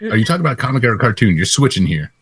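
A man's voice: medium pitch, big pitch swings, racing, a bit bright, slightly rough, dry recording, studio quality. A man co-hosting a podcast, chatting casually and teasing his co-hosts with mock-announcer quips. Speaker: podcast co-host.

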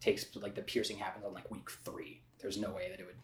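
A man's voice: lowish voice, little pitch movement, brisk. A man from Texas co-hosting a podcast in casual chat, emphatic and sarcastic. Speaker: podcast co-host. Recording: roomy echo, rough podcast audio.

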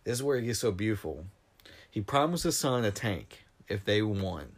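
A man's voice: on the low side, normal speed. Emotional man retelling a film. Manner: animated, emotional storytelling, voice rising when retelling scenes. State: near tears. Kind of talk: casual film discussion.

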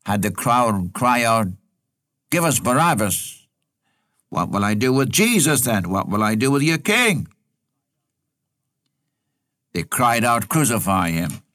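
A man delivers a sermon in an earnest, unhurried way, repeating key phrases and dropping low as he quotes scripture. His voice sits on the lower side and the recording is dry and close. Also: no echo. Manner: earnest, repetitive, quotes scripture slowly for emphasis. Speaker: preacher.

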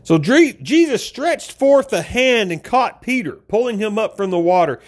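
A man delivers a casual, conversational sermon and calls his listeners folks. His voice sits a little high for a man, and his pitch leaps up and drops low as he tells the story. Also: lively intonation, normal speed. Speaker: preacher. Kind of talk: informal sermon.

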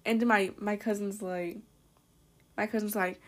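A young woman hosting her own podcast, telling a story in a casual, animated way, full of laughs, swearing and "like". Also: mid-range voice, normal speed, long pauses. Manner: animated, laughing, profane, lots of "like". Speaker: podcast host.

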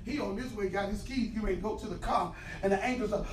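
Older bishop, preaching loud then soft, repeats words, echoey church from far back. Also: male voice, high voice, fast. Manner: swings from shouting to hushed, repeats words. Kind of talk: sermon. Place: large church. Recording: roomy church sound from far off. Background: organ music and loud congregation responses.

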